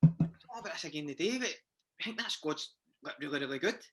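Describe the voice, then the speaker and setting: A Scottish footballer in his twenties guests on a casual podcast, telling rambling, sweary dressing-room stories and restarting often. His voice is a little high, lively in intonation, and fairly quick.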